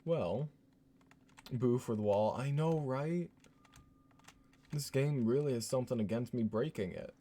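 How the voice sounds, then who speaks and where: A man's voice: mid-range voice, unhurried, long pauses, mellow. A man playing a horror game live, joking and laughing as he reads notes aloud in a put-on voice. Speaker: streamer.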